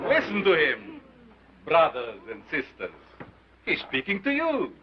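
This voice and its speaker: A man's voice: fairly high pitch, wildly swooping pitch, measured pace, background noise. A declamatory mad showman. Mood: commanding. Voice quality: accented, declamatory. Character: theatrical mad scientist showman, male, middle-aged, commanding. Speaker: carnival lecturer. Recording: dull 1930s film soundtrack.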